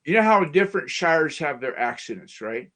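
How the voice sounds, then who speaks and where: An American man joins a live chat and tells stories in a loose, talkative way. His voice sits a little high. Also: big pitch swings, moderate pace, fairly bright tone. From United States. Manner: storytelling, chatty. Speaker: guest on a livestream.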